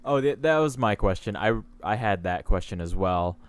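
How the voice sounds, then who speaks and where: A man with a lowish voice co-hosts a casual podcast chat, recorded close and dry. He is agreeable, nods along with short replies, and adds his own takes. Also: animated, moderate pace, smooth, no echo. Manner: agreeable, short affirmations, chuckling. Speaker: podcast co-host.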